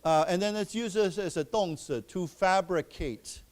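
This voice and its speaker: A man teaching English to a class, explaining words and repeating them slowly for his students. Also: high voice, a little mellow, clean tone. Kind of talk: classroom lesson. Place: library lecture room.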